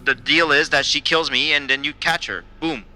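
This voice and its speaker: A man's voice: fairly high pitch, moderate pace, bright, forceful tone, rough recording. An actor playing a clueless, desperate young male comedian who calls in to a podcast, rambling and stammering as he talks. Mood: eager. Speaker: caller.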